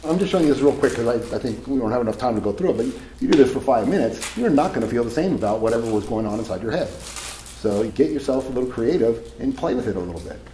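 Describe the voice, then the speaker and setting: A man's voice: mid-range voice, lively intonation, fast, dark tone, reverberant, a little hiss or hum, poor audio. A man giving a live seminar talk to an audience, casual and profane, telling stories as he goes. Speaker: seminar speaker.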